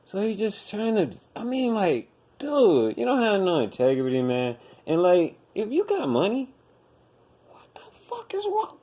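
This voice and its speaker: A man's voice: sits high, sing-song, moderate pace, mellow. A man hosting a podcast, ranting in blunt, profane commentary and hammering his points with repetition. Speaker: podcast host.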